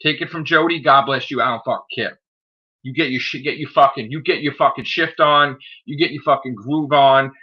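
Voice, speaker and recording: A man's voice: mid-range voice, brisk. A man hosting his own live stream, ranting heatedly with constant swearing and repeating "okay?" after his points. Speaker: channel host. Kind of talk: angry live-stream rant. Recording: dull lo-fi stream audio.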